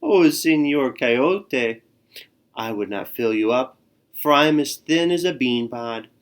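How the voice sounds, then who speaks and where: A man's voice: mid-range voice, animated, slow. A man voicing a clever little female lamb who bleats and pleads in a storybook reading. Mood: pleading. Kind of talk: storybook character voice.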